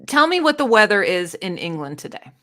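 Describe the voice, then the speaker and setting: A woman's voice: mid-range voice, very animated, brisk, fairly bright tone. Playful American woman hosting a chat. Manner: playful, teasing, laughs often. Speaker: channel host. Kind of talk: casual chat.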